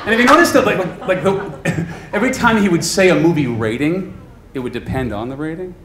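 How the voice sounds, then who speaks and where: A man doing stand-up comedy for a live audience, chatty and animated, often laughing at his own jokes. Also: fairly high pitch, brisk. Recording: echoey room, audience laughter, noise.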